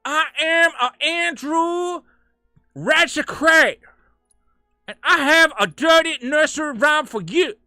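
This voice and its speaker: A man voicing a brash, loud-mouthed male stand-up caricature in a shrill, shouting, drawn-out sing-song voice. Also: no echo, studio quality, faint music behind, exaggerated voice. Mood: shrill mocking.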